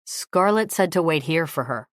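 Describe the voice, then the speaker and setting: A woman's voice: low voice, expressive, normal speed, no echo, studio quality. A woman voicing a laid-back rock star man. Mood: easygoing.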